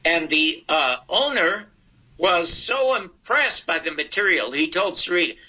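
A man's voice: fairly high pitch, a little slow, muffled recording. An older man telling stories in an interview, acting out the dialogue in his anecdotes. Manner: animated, acts out dialogue in his story. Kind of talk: anecdotal storytelling.

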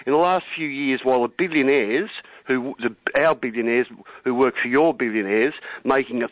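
A man's voice: medium pitch, moderate pace, no echo. A man with an Australian accent, calling in to a talk radio show and ranting in a heated, rambling way, saying "mate" again and again. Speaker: caller. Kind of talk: call-in radio rant. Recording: dull, dry radio call audio.

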